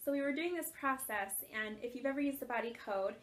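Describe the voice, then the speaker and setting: Woman life coach, high voice, heartfelt storytelling with frequent laughs. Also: lively intonation, fast, a bit bright. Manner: earnest and emotional, laughs often while telling. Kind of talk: personal storytelling talk.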